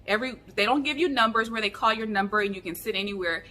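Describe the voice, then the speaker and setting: Bright-voiced chatty woman vlogger. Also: medium pitch, fast talker, a little hiss or hum. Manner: chatty, animated storytelling with fillers. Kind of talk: casual storytelling vlog.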